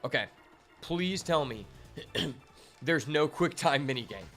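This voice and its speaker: A man's voice: a little high, expressive, takes it slowly, pauses often, a bit bright, faint music behind. A young man streaming a card game, chatting casually and rambling with lots of fillers and swearing. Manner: rambling, laid-back, heavy on fillers and swearing. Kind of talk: casual gameplay commentary.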